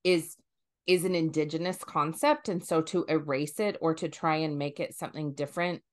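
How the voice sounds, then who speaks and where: A woman hosting a conversational podcast, talking in an animated way and thinking aloud with fillers and restarts. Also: deep voice, normal speed. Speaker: podcast host.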